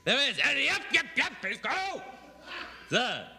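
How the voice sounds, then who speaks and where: A jittery, fawning army underling, as a man plays him, rushes out eager yes-sirs and flattery. His voice is high and very bright, leaping up and down in pitch. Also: exaggerated voice. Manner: eager, fawning, rapid yes-sir replies. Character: nervous fawning male army subordinate. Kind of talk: improvised comedy sketch.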